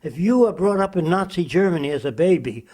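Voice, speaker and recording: A man's voice: a little high, expressive, a little fast, warm tone. Emphatic elderly man lecturing. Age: 90s. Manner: emphatic, preachy, fond of rhetorical questions. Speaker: interviewee. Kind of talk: lecturing interview answers.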